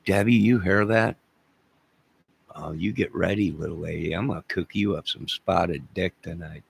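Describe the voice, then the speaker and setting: Gravelly low-voiced older man. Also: moderate pace. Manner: rambling, joking, talks to chat viewers by name. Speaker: livestream host reading chat. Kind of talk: casual livestream chat.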